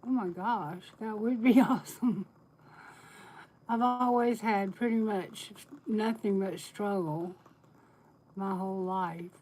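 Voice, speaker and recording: A woman's voice: mid-range voice, takes it slowly, long pauses, a little mellow, low-quality recording. A woman tarot reader talks to her live-stream viewers in a loose, candid way. Her voice sits in an ordinary middle range and she breaks into laughter often. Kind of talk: casual live-stream chat.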